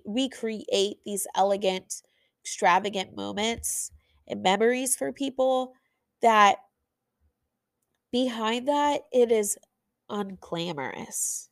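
A woman's voice: medium pitch, a little mellow, no echo, studio quality. A woman hosting a podcast, talking with passionate, emphatic energy in a motivational monologue. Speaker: podcast host.

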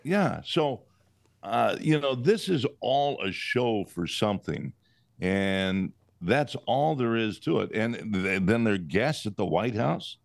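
Gravelly, sarcastic male co-host. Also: on the low side, animated, slow pace, no room sound. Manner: sarcastic, blunt, with restarts. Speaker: talk show co-host. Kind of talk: casual political chat.

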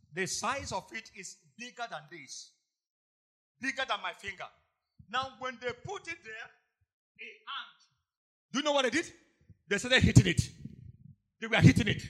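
Male preacher, very high-pitched, lively swings in pitch, shouts and repeats lines. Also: breathy edge. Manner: impassioned, repetitive, bursts into shouting and snatches of song. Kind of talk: sermon.

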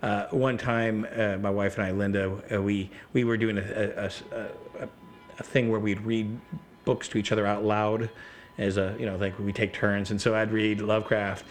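A man's voice: on the low side, level tone, moderate pace, slight background noise. A middle-aged man chatting casually as a podcast guest, rambling through gaming stories and acting out quotes. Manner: rambling storyteller, acts out quotes. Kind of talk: casual chat.

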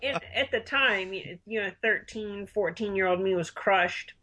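Relaxed person in their twenties chatting. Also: mid-range voice, measured pace, rough recording. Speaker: conversation partner. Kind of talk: casual chat.

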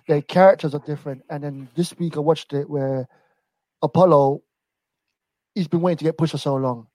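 A young man co-hosting a casual podcast chat, rambling and relaxed, laughing often. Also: a little high, dry recording, rough recording. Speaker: wrestling podcast co-host.

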